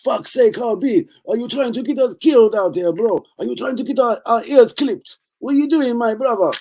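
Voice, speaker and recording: A man voicing an exasperated adult man who shouts and scolds a friend. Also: extremely high pitch, moderate pace, pitched above the performer's own voice.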